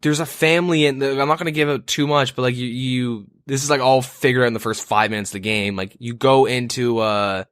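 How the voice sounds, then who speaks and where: A man's voice: mid-range voice, fairly even intonation, brisk, few pauses, a bit bright, clear, resonant tone, no room sound, clean studio sound. Swearing, rambling man telling a story. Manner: profane, rambling, lots of fillers. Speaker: podcast co-host. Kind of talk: casual banter, storytelling.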